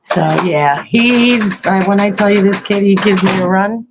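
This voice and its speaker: A woman's voice: medium pitch, a little slow, noisy background. An older woman, a grandmother, hosting a podcast in loose, rambling casual chat, laughing often as she talks. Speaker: podcast host.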